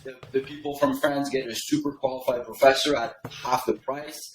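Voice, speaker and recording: Here an email copywriter from Canada, guesting on a podcast, rambles casually through his story and keeps checking in with "right?" His mid-pitched voice stays steady at a moderate pace. Crowd noise fills a reverberant, echoing space around him.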